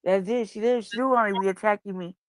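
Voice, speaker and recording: A woman's voice: mid-range voice, fast, dry recording. A woman hosting a casual livestream chat, swearing freely and telling stories with lots of animation. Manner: profane, animated storytelling. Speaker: show host.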